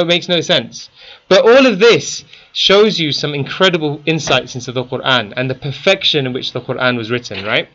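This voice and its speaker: Bright-voiced teacher quizzing a class. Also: male voice, fairly high pitch, highs cut off. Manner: quizzes the class with frequent questions. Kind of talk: interactive classroom lesson. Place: classroom with students.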